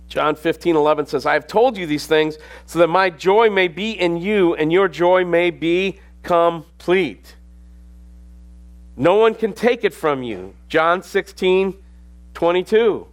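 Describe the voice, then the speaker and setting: A man's voice: sits high, measured pace. A middle-aged man preaching a sermon as pastor, reading scripture aloud and rising to sudden emphasis.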